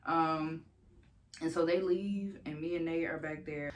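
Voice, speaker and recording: A woman's voice: fairly even intonation, a little slow, a little hiss or hum. A young woman vlogging, telling a personal story in a casual, candid way, swearing freely and laughing between sentences. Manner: jumps much higher when quoting herself.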